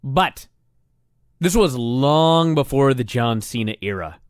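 A man's voice: medium pitch, lively intonation, no room sound, studio quality. A man co-hosting a podcast, musing and arguing his points about old wrestling in casual chat. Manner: musing, argumentative, quick to react. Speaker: podcast co-host.

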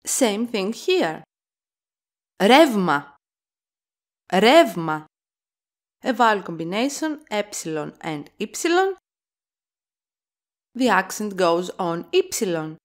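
Slow, lively woman teaching. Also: medium pitch. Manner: slow, clear teaching with example words said louder and drawn out. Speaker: language teacher. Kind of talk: scripted language lesson.

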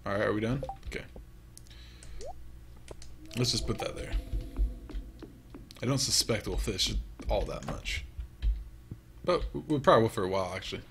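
Low-key man musing over gameplay. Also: animated, moderate pace, vocal fry, long pauses, a bit bright. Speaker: gaming YouTuber. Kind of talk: casual let's-play commentary.

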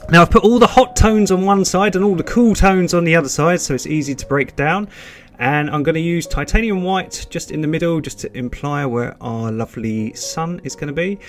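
British man, painting tutor, slightly high voice, encouraging and chatty, faint music underneath. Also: brisk. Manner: chatty and encouraging, repeats reassurances.

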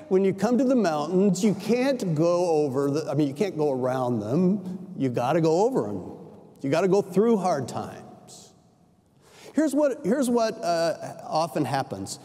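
Preaching in a big church sanctuary, this older male pastor has a high-sitting, dark-toned voice and a very animated delivery at a moderate pace. His sermon unfolds conversationally, full of stories and chatty self-corrections, with the room's reverb audible throughout.

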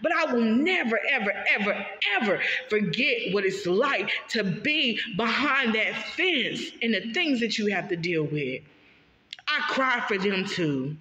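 A woman's voice: medium pitch, lively intonation, a little slow, sharp tone. A woman giving a heartfelt personal monologue as a vlogger. She talks straight to her listeners, emphatic and repetitive. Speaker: vlogger sharing her story. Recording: echoey room, dull lo-fi sound.

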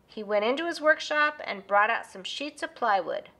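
A woman reads a children's storybook aloud in a lively, expressive way. Her voice is bright and sits a little high, with a clear, forward tone. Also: normal speed. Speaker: narrator. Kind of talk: scripted storybook narration.

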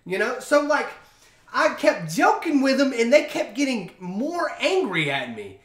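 A man's voice: very high voice, big pitch swings, a little slow, a bit bright, reverberant. A man hosting a casual solo podcast, telling stories in a chatty, slangy way full of fillers. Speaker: podcast host.

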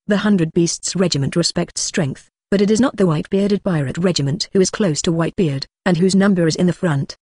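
A synthetic-sounding narrator reading a translated fantasy novel in a steady, even manner without fillers. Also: medium pitch, fairly quick, hardly any pauses, dry recording, studio quality. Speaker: audiobook narrator.

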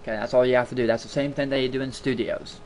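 A man's voice: medium pitch, little pitch movement, fast, a little mellow, slight background noise. A man hosting a casual screen-recording tutorial, chatty and rambling, repeating words for emphasis, talking into a desktop mic at his home computer. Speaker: video tutorial host.

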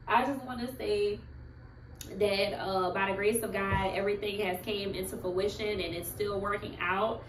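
A woman's voice: medium pitch, fairly even intonation, normal speed, roomy sound, a little hiss or hum, low-quality recording. A woman in her thirties filming a personal vlog at home, speaking in an earnest, heartfelt, faith-filled way. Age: 30s. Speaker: vlogger.

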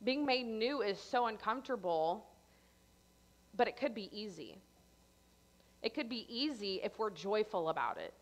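A young adult woman giving a sermon at church, telling a personal story in an animated way and acting out her own panicked lines. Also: medium pitch. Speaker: church speaker.

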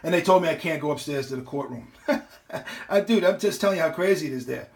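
Middle-aged New man ranting to camera, blunt and profane, voice sitting a touch high. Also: lively intonation, brisk. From New York. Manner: blunt, profane, repeats and restarts. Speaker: vlogger. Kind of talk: casual ranting monologue.

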